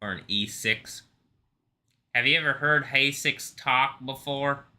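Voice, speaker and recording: A man's voice: medium pitch, takes it slowly, pushed and bright. A man hosting a live stream, chatting casually in a rambling way, laughing often and swearing freely. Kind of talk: casual reaction stream commentary.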